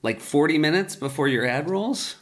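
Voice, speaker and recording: A man's voice: fairly high pitch, expressive, moderate pace. A man co-hosting a podcast, asking guests questions and telling anecdotes in casual chat. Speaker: podcast co-host.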